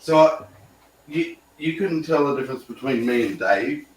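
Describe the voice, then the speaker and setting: A man's voice: medium pitch, lively intonation, moderate pace, roomy sound, slight background noise, low-quality recording. A man with an Australian accent hosting a casual chat, easygoing and asking curious questions. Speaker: host.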